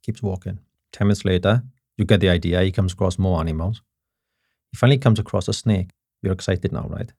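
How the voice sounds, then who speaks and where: A man's voice: low voice, brisk, darkish tone, no room sound, studio quality. A Welsh man hosting a podcast, telling stories with passion and self-mocking humor. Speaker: podcast host. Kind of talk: casual chat.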